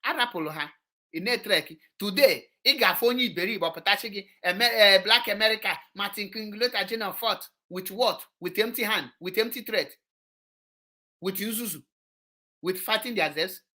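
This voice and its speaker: A man's voice: high voice, pushed and bright. A man with a Nigerian Igbo accent giving an impassioned political monologue, scolding his listeners and switching between English and Igbo. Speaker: political commentator.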